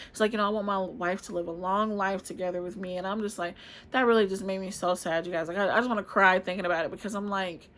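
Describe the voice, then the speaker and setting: Woman, twenties, vlogger, chatty and expressive, casual storytelling to camera, medium pitch. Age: 20s. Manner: chatty, expressive, addresses viewers as y'all.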